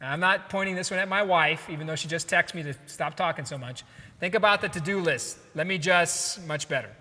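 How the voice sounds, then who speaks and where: Male host, high bright voice, jokey and laugh-prone, hall reverb. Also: brisk. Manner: laughs often, upbeat and joking. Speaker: podcast host. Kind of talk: casual chat reading memes aloud.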